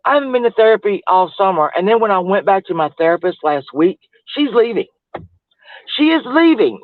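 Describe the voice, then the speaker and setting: A man's voice: high voice, dry recording. A man chatting in a rambling, casual way on a livestream, laughing often and trailing off mid-thought. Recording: tinny phone-like dry audio.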